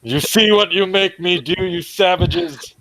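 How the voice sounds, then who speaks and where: A man's voice: sits high, unhurried, pitched above the performer's own voice, rough recording. A man playing a brutal warrior snarling at foes. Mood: contemptuous. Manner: snarling, contemptuous shouts. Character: brutal male warrior taunting slain foes.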